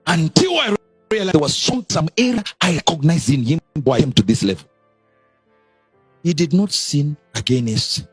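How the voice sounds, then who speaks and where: A man preaching with a husky, lively voice that leaps up in sudden exclamations and sinks low again. The sound is dry and close, with soft music playing underneath. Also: no echo. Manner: animated, sudden high exclamations and drops. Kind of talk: sermon.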